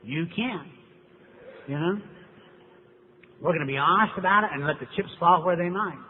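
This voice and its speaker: A man's voice: on the high side, moderate pace. A middle-aged man, speaking at a recovery meeting and telling his story with wry rhetorical questions. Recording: tinny, echoey hall recording with faint hiss.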